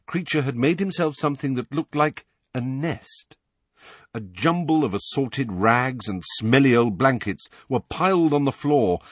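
A man narrating an audiobook in an expressive, husky voice. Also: medium pitch, no room sound.

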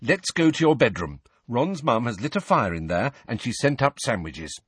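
A man reading aloud and voicing a brisk, impatient teenage schoolgirl who lectures her friends in an audiobook. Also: medium pitch, sing-song, slightly rough, no room sound, voice pushed up. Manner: brisk, impatient, know-it-all.

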